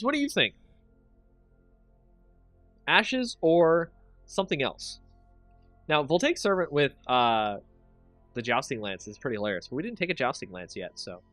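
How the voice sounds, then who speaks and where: An excitable male streamer thinking out loud through his card picks and bantering with chat, his pitch leaping up and down as he gets hyped. The sound is close and dry, with soft music playing underneath. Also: no room sound. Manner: excitable, chatty, thinks aloud and laughs a lot. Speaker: streamer and channel host. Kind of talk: casual game commentary with chat.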